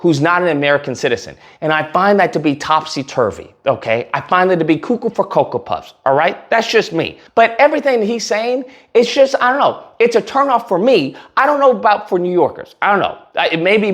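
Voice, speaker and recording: Male commentary host, high pitched voice, blunt, sarcastic, rambling. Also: animated, a little fast, few pauses. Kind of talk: casual opinion commentary.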